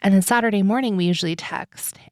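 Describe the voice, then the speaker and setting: A woman podcast host telling a personal story in a rambling, chatty way, full of "like" and "um" and quick laughs. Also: medium pitch, darkish tone, no echo, clean studio sound.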